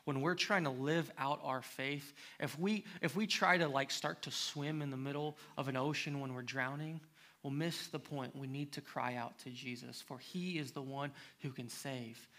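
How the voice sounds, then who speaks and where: Preaching in church, a man serving as pastor reads from scripture before climbing to a passionate, emphatic appeal. His medium-pitched voice is steady yet bright and forceful, moving at a moderate pace.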